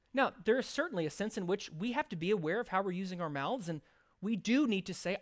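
A man preaching a sermon, earnest, shifting into chatty asides and playful acted examples. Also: high voice. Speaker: pastor.

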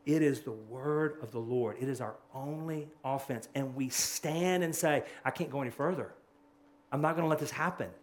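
A pastor preaching a sermon in an earnest, urgent way, often restarting his phrases. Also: mid-range voice.

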